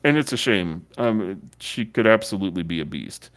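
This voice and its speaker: Man, low voice, casual podcast chat, sarcastic, dry recording. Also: moderate pace, dry recording. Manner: sarcastic, animated when joking. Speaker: podcast co-host.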